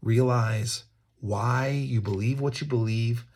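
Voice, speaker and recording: A man's voice: mid-range voice, fairly even intonation, takes it slowly, darkish tone. A man reading scripture with commentary, earnest and emphatic, often repeating words as he thinks aloud. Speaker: Bible teacher.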